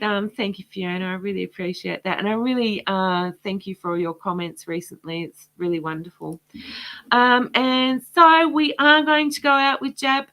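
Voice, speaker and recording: A hoarse woman talks straight into her phone or webcam, hosting a livestream in a loose, rambling, impassioned way. Her voice sits mid-height and is getting strained and worn. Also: mid-range voice, a bit bright. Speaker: host of a livestream. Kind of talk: casual livestream commentary.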